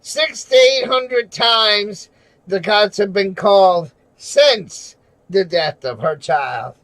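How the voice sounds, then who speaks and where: A furious man ranting on a livestream, his voice pitched high for a man. He swears at nearly every turn and often breaks into shouting. The sound is dry and close, with almost no room in it. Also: slow pace, no echo, low-quality recording. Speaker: livestreamer and auditor. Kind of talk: angry livestream rant.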